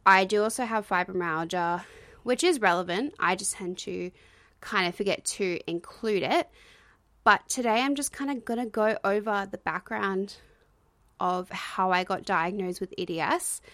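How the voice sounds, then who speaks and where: A woman's voice: mid-range voice, a bit bright, no echo. Breathless woman in her twenties, dry sound. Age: 20s. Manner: fast, casual talk with fillers. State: slightly out of breath. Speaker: podcast host. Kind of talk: solo podcast monologue.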